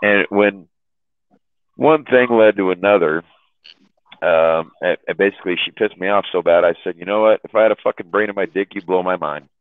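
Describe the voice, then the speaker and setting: Man, low voice, dry tinny phone-line sound, rambling profane storyteller. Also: moderate pace, no echo. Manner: rambling, profane, laughs at own jokes. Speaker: chat room host telling stories. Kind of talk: casual storytelling on a call.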